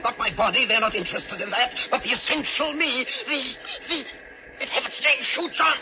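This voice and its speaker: An actor playing a terrified captured professor who pleads frantically for help, in an old-time radio drama. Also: male voice, very high-pitched, expressive, normal speed. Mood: desperate. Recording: muffled old radio recording with noise.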